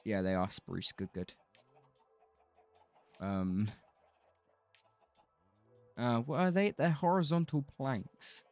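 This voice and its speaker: A man's voice: lowish voice, creaky, a little mellow. A man streaming a building game, rambling casually, swearing freely and laughing often. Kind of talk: casual livestream commentary while gaming.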